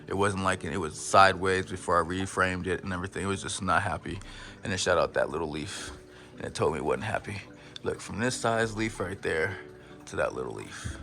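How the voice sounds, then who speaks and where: Gravelly playful man touring his plants. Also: sits low, fairly quick, sharp tone, faint music behind. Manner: playful, hyped, slangy, breaks into silly voices. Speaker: plant collector showing his collection. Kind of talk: casual plant tour vlog.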